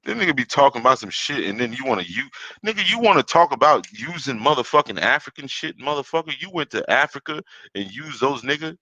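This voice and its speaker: A man's voice: medium pitch, big pitch swings, fairly quick, sharp tone, no echo. A Caribbean-born man hosting a solo podcast, ranting heatedly with constant swearing and rambling repeats. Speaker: podcast host. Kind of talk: profane solo rant. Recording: dull lo-fi dry recording.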